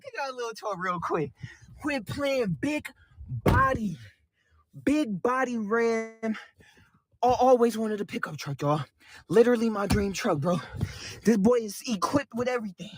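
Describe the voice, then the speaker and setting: A young man filming a vlog about buying his new truck, hyped and slangy, shouting with joy, at a dealership and inside the truck on a phone camera. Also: very high-pitched, animated, a little slow, pauses often, slight background noise, low-quality recording. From Michigan. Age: young adult. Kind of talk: excited vlog clip. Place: truck dealership lot, outdoors and in a truck.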